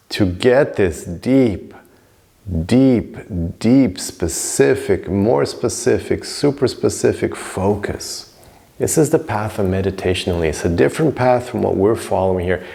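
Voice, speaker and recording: Man, low voice, gravelly, yoga teacher, conversational class lecture, storytelling. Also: darkish tone. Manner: loose and conversational, acts out stories, many "you know"s. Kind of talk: informal recorded class lecture.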